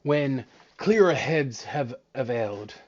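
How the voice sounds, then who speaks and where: A man's voice: medium pitch, animated, darkish tone, muffled recording. Man doing a formal, placating innkeeper. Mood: calm. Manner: formal, measured. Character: placating middle-aged male innkeeper.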